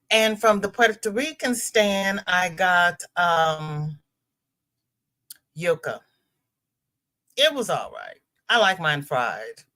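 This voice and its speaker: A woman's voice: lowish voice, expressive, slow, pauses often, sharp tone. A middle-aged woman hosting a live stream, chatting casually and rambling between greetings to viewers by name. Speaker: livestream host.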